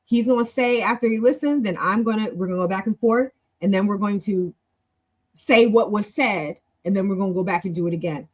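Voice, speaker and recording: Husky-voiced woman hosting a club. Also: medium pitch, a little fast, low-quality recording. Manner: chatty, encouraging, long-winded. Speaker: host of a language club. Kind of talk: casual live-stream teaching.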